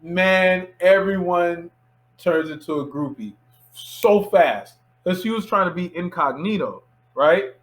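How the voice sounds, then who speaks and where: Man in his 30s, casual interview guest, lively storyteller, slightly high voice. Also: slow, rough recording. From Miami, USA. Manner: animated anecdote teller who acts out quoted voices. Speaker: filmmaker guest.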